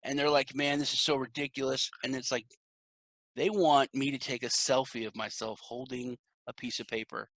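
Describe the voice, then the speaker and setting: A man's voice: medium pitch, moderate pace, no room sound. A man hosting a podcast interview, chatting casually and acting out the people he quotes as he tells a story. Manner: animated storytelling, acts out quoted reactions. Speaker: podcast host.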